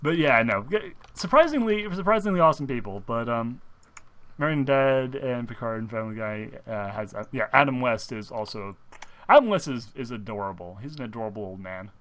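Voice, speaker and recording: A young man with a bright, clear-toned voice chats casually as co-host of a fan show. He rambles, circling back with fillers and restarts, at a middling pitch for a man. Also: expressive, a little fast. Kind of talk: casual chat.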